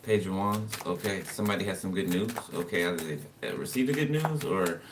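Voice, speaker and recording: A man's voice: sits low, animated, a little fast. A man giving a casual tarot reading, talking loosely to the viewer, laughing to himself and drawing cards as he goes. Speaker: tarot reader. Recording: distant mic with loud background noise.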